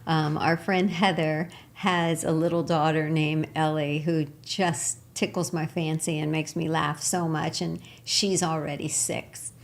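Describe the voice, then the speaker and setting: A woman co-hosting a spiritual talk show, talking warmly and with enthusiasm, often laughing. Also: sits low, little pitch movement, a little slow, gravelly, few pauses. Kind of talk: casual spiritual chat.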